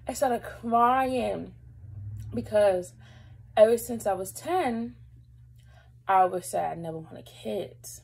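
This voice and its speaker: Husky young woman telling a personal story. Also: medium pitch, slow, pauses often, a little mellow, rough recording. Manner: emotional, holding back tears; rambling, lots of fillers. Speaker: vlogger. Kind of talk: casual storytelling to camera.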